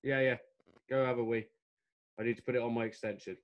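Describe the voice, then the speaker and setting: A man hosting a podcast, chatting in a relaxed, easygoing way. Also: mid-range voice, fast talker, muffled recording. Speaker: podcast host. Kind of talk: casual podcast chat.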